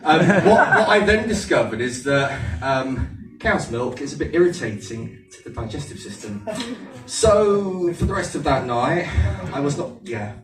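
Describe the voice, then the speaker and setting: Stand-up man, Aldershot accent, a little higher than most and very lively, self-mocking and chatty with the crowd, getting over a cold; heard from far off in an echoey room. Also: measured pace, hardly any pauses, over music. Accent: Aldershot English. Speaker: stand-up comedian. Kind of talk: stand-up comedy set. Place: comedy venue with a live audience. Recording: echoey room, distant mic, audience laughter.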